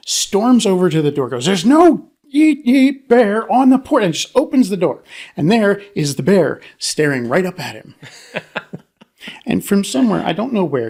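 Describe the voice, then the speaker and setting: A man's voice: fairly high pitch, expressive, moderate pace, gravelly, darkish tone. A man co-hosting a podcast, telling a funny story in casual chat, laughing often and acting out the voices of the people in it. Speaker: podcast co-host.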